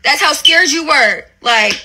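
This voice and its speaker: Woman, livestream rant, confrontational, profane, high pitched, very bright tone. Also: animated, a little slow. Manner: profane, confrontational, repeats "bitch" constantly. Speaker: reality TV personality on a livestream. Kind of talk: angry ranting livestream.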